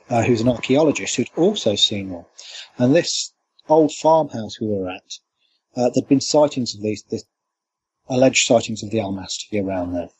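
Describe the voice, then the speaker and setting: A man, a cryptozoologist guest, telling stories in an animated, anecdotal way during an interview. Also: mid-range voice, slight background noise. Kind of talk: storytelling interview. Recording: dull lo-fi remote line.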